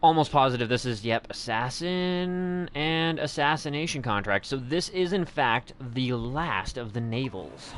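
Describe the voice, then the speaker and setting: A man's voice: mid-range voice, lively intonation, unhurried, hardly any pauses, a bit bright, slight background noise. A young man streaming a game, talking casually to his chat and swearing freely. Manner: crude, swears freely, chats to viewers. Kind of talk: casual let's play commentary.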